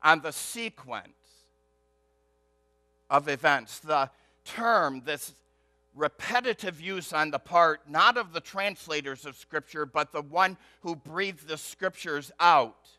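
A male pastor preaching a sermon emphatically, moving between loud stressed words and hushed asides, and building rhythm through repetition. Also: a little high, slow pace, no echo.

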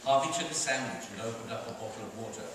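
A man's voice: fairly low pitch, quick pace. A man from Sweden, an author, reading his storybook aloud to children in a library. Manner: clear, expressive storytelling. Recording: echoey hall from far off, noisy.

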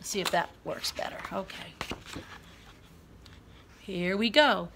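A woman teaching a guided reading lesson for young children, sounding out letters clearly, reading quoted words loudly, and praising them often. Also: mid-range voice, takes it slowly, background noise. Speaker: preschool teacher.

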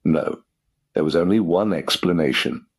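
A man narrates an audiobook in a deep, low voice with a husky grain. His delivery is measured and steady, paced for a learner to follow.

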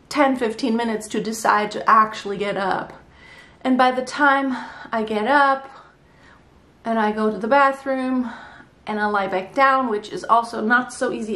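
A woman's voice: a little high, moderate pace, a bit bright. A woman in her thirties talking to camera in a casual, candid vlog, a little out of breath. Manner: chatty, candid, mildly breathless. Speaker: vlogger. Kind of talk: casual pregnancy update vlog. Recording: echoey room, voice from far off.

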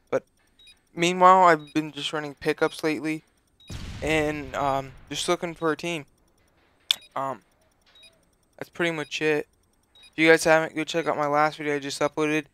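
Flat-voiced teenage guy rambling over gameplay. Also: fairly high pitch, slight background noise. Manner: rambling, profane, full of "like" fillers. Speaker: gaming channel host. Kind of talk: casual gameplay commentary.

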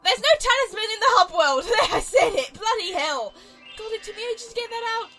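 A woman's voice: very high voice, animated, fairly quick, over music, rough recording. A young British woman hosting a let's play, chatty and giggly, rambling through casual gameplay commentary. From Britain.

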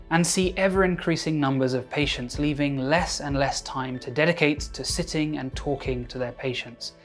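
A man, a doctor, narrating a scripted educational video with wry, self-mocking asides. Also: fairly high pitch.

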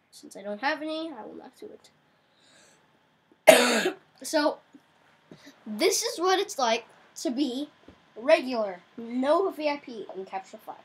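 A young woman giving casual gameplay commentary, excitable, crying out in frustration now and then. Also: high voice, husky, poor audio. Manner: excitable, yelps and cries out in frustration. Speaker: gamer.

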